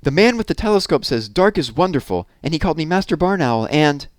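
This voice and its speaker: An eager little baby barn owl from a storybook, as a man puts him on, curious about everything. The voice is pitched high and bounces up and down, and it sounds close and dry, with no room around it. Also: fast talker, dry recording. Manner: wide-eyed, curious and excitable.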